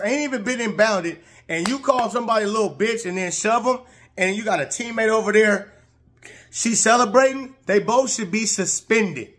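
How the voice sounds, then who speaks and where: A man with a somewhat high-pitched voice talks through basketball clips in casual, slang-heavy speech. He sounds indignant and heated, and his voice jumps higher and louder when he gets outraged. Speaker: sports commentator. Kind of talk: reaction video commentary.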